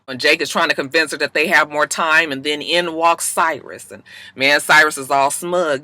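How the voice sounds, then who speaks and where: Bright, animated woman recapping TV. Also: low voice, moderate pace, no echo. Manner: animated and profane, acting out lines with loud laughs. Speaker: TV recap host. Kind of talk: casual episode recap.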